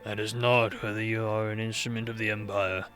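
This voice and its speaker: A streamer voicing a proud, bitter ancient dragon in slow, grave, archaic speech. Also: mid-range voice, flat delivery, fairly bright tone, smooth, soft background music, voice pushed down, natural voice. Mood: grave scorn.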